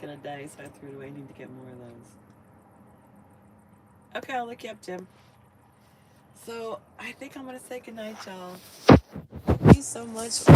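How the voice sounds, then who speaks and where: A woman's voice: lowish voice, background noise. A woman chatting casually with live-stream viewers and her dog from inside her van.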